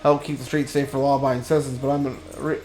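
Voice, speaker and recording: A man's voice: medium pitch, little pitch movement, fast, darkish tone, soft background music, lightly acted. A man voicing a greedy, bullying merchant who sneers and threatens a poor man. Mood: menacing.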